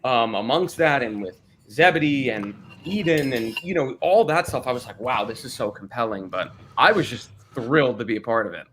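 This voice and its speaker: An American man telling stories in a casual livestream chat, laughing often and talking with lively energy. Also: medium pitch, normal speed, few pauses, a little hiss or hum. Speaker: cast member on a livestream.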